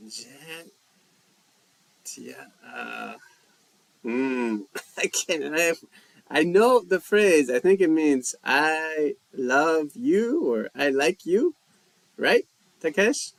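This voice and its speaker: A man hosting a casual language-learning live chat, reading viewer comments and musing aloud at an easy, unhurried pace. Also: fairly high pitch, no room sound. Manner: slow, relaxed, thinking aloud while reading chat. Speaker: language livestream host.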